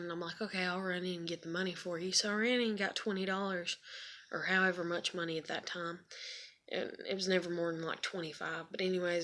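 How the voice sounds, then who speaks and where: A woman's voice: mid-range voice, a bit bright. A young woman, telling a personal story to the camera in a rambling, casual way, full of fillers and swearing. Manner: rambling, lots of fillers and asides, swears freely. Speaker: vlogger.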